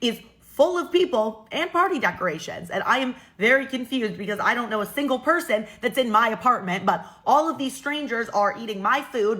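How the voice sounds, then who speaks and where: A young woman recounts a story in a casual, lively way, sounding exasperated. Her voice is bright and clear, set fairly high for a woman. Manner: animated, exasperated retelling. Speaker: storytime creator.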